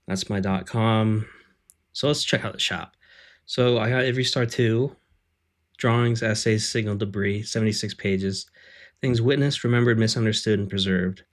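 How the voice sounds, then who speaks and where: A man's voice: on the low side, steady tone, moderate pace. A man in his thirties, an artist on a live stream, rambling casually with lots of fillers and self-deprecating asides.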